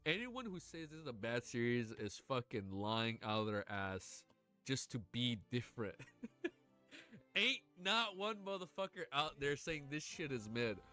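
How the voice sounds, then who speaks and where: A man livestreaming, reading a novel aloud and reacting. He is excitable, emotional and swears constantly, with a stuffy nose. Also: fairly high pitch.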